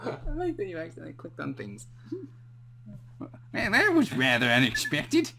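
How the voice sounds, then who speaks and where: A man's voice: on the high side, wildly swooping pitch, normal speed, creaky, bright, forceful tone. A man teasing his brother while they comment on a game, breaking into playful silly noises and voices. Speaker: gameplay co-commentator. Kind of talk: casual gameplay commentary.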